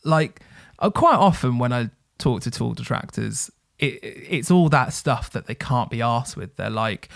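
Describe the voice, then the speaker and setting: A man on a podcast, theorizing eagerly in a casual chat and stumbling through fillers. His mid-pitched voice has a gravelly, fry-laden edge. The sound is dry and close, with no room around it. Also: very animated, unhurried, few pauses, a bit bright, no echo. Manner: nerdy, enthusiastic theorizing with frequent fillers and laughs. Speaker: podcast co-host. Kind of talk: casual music review chat.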